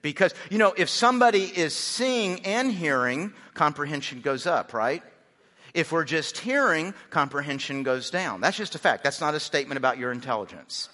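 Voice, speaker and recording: A man's voice: a little high, animated, normal speed, bright, forceful tone. A man, a pastor, preaching a conversational sermon and often repeating words as he starts a sentence. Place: large church sanctuary. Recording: hall reverb.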